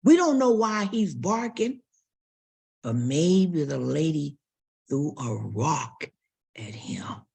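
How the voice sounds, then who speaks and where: A woman's voice: low-pitched, sing-song, slow, gravelly, pauses often, a little mellow, slightly rough. A woman pastor preaching a sermon, telling stories and acting out quotes and barking sounds.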